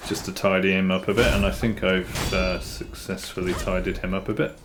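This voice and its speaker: A British man chatting casually while streaming a game live, unhurried and dryly joking with his viewers. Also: deep voice, little pitch movement, noisy background. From Britain. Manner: unhurried, chatty, answers chat with dry humour. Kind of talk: casual live gameplay commentary.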